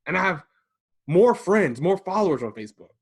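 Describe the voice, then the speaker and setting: Man, podcast co-host, casual chat, lively storytelling, home garage. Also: high voice, fairly quick, husky. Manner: animated storytelling, acting out quoted voices. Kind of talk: casual conversation.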